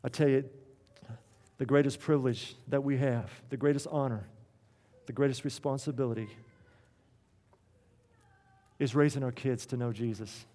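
A man's voice: medium pitch, fairly even intonation, normal speed, warm tone. A middle-aged man preaching a sermon as a pastor, earnest and asking the congregation questions. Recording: long hall reverb.

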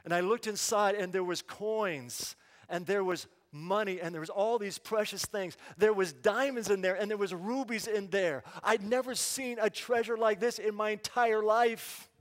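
A man's voice: high-pitched, moderate pace. A man preaching, telling a parable in the first person and acting out the dialogue with animation. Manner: animated, acts out the story with quoted dialogue. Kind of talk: dramatic first-person sermon storytelling. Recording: long hall reverb.

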